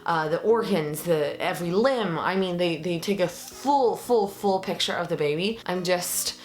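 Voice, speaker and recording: A young woman vlogs casually about family, her voice sitting on the low side and full of earnest feeling. She is pregnant and slips in plenty of ums and uhs as she goes. Faint music plays behind her. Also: measured pace. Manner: earnest, emotional, many fillers. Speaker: vlogger. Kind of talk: casual vlog talk to camera.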